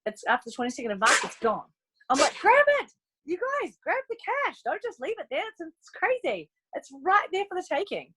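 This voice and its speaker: Bubbly, lively woman coaching her team. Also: fairly high pitch, husky, low-quality recording. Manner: bubbly and animated, acts out chats with prospects in upbeat voices. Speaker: network marketing coach on a team training call. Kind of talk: casual motivational training talk.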